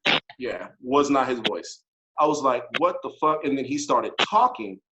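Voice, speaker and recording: A man co-hosting a podcast, telling a story in casual chat, animated and full of swearing. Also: medium pitch, normal speed, a loud crowd, rough recording. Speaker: podcast co-host.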